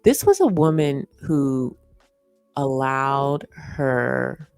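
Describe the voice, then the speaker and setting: A woman hosts a casual commentary livestream in an earnest, talk-it-through manner, circling back to restate her points and leaning on "you know" and "um." Her voice carries a gravelly fry, and the sound is close and dry with faint music underneath. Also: rumbling low, big pitch swings, very slow, darkish tone, no echo. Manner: frequent "you know" and "um" fillers. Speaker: host. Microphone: streaming setup.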